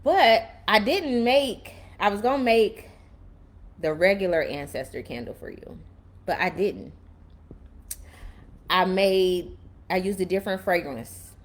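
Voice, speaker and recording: Woman on a live stream, cussing, preaching to viewers, kinda low voice. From Chicago, USA. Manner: blunt, profane, preacherly. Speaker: livestream host. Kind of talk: casual livestream talk to viewers.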